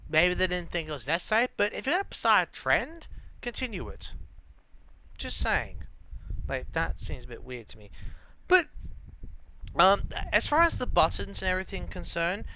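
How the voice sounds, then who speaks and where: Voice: medium pitch, wildly swooping pitch, moderate pace, long pauses, bright, forceful tone, slight background noise, rough recording. A let's-play commentator talking casually after a horror game. The speaker rambles, restarts sentences and corrects themselves while giving opinions. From Britain.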